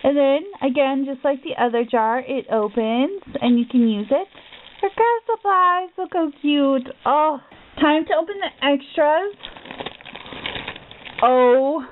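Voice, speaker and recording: A woman vlogger with a high voice opens a craft package, exclaiming and gasping over each item. Her delivery is slow and drawn out. The sound is thin and tinny, like a phone line. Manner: gushing, gasping, repeated exclamations. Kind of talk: package opening vlog.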